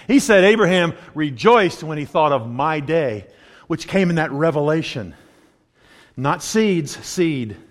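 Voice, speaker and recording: A man giving a sermon, telling his own testimony, dropping to a hush and then rising loud. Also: medium pitch. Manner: storytelling, swings between hushed and loud. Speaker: preacher. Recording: long hall reverb.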